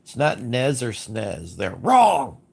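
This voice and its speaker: Gravelly stuffy-nosed man rambling on stream. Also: medium pitch, wildly swooping pitch, slow pace, darkish tone. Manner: rambling, repeats himself, blunt opinions. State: congested sinuses. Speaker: livestream host. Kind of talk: casual livestream chat, reading chat.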